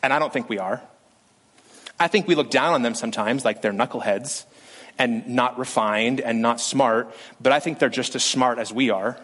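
A male pastor delivers an animated, lively sermon, acting out scripture quotes by shifting his pitch.

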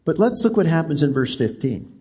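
A man's voice: a little high, big pitch swings, a little fast, darkish tone, slightly rough. A middle-aged man preaching a sermon as a pastor, in a conversational, personal and direct manner.

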